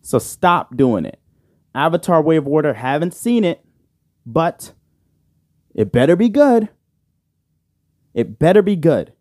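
Fairly high-pitched and very animated, he takes his time, pausing often, and sounds a little mellow with no room sound. He's a man alone on his own podcast, rambling through casual talk with lots of swearing, jokes and "bro," recorded on a side-address studio microphone.

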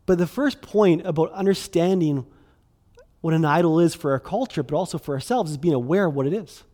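There's a mellow quality to this middle-aged pastor, whose slightly high male voice treats the sermon like a casual talk with friends. He rushes out short bursts, backs up to restart, and sprinkles in lots of fillers and asides.

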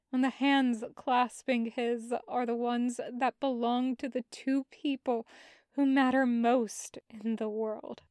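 Slow, high-voiced woman reading fan fiction. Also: no echo, studio quality. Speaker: podfic reader. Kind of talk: audiobook narration of fan fiction.

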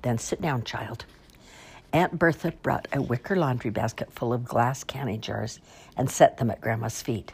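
A woman reads a story aloud at an unhurried pace. Her voice sits very low and carries a husky, breathy grain. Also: darkish tone.

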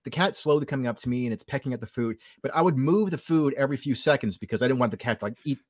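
A man's voice: rapid-fire, dry recording, clean studio sound. A man from California co-hosting a podcast, telling a long story in casual chat with many restarts and fillers. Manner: acts out quoted voices in a higher pitch. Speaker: podcast co-host.

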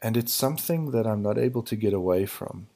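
Man, low voice, gravelly, hoarse, hesitant, reflective solo talk. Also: expressive, fairly quick, dark tone. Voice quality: gravelly morning voice. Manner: searching, hesitant, restarts to find words. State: hoarse from early morning. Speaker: podcast host. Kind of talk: reflective spiritual monologue.

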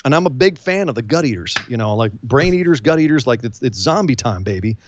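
A man co-hosting a casual wrestling recap chat, telling the story with lively quoted voices. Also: medium pitch, fast, highs cut off, slight background noise. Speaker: podcast co-host.

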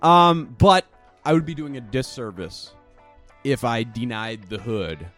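A man's voice: mid-range voice, expressive, measured pace, fairly bright tone, faint music behind. A man co-hosting a podcast, chatting in a rambling, profane, jokey way and laughing often. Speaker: podcast co-host. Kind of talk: casual chat.

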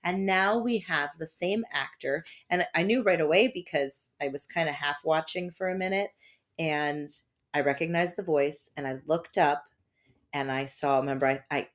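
A woman's voice: low voice, moderate pace. A woman co-hosting a podcast at home, chatty and rambling, laughing often. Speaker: podcast co-host. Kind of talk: casual chat. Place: home by a fireplace.

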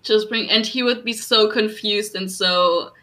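A young woman co-hosting a podcast in casual chat, excitable and gushing. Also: a little slow. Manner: excitable, gushing, swings high when amazed. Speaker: podcast co-host.

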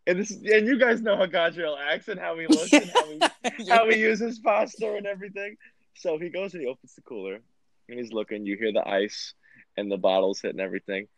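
Young male friend, excitable teasing storyteller, highish voice. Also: a little fast, vocal fry. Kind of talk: casual chat.

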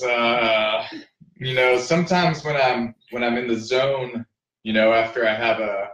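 A male guest joins a comedy podcast over a remote call and rambles freely with plenty of fillers. His voice is mid-pitched. It comes from a roomy space, set back from the mic. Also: fairly even intonation, unhurried, fairly bright tone, distant mic. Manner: rambling, filler-heavy talk. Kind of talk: jokey comedy podcast chat.

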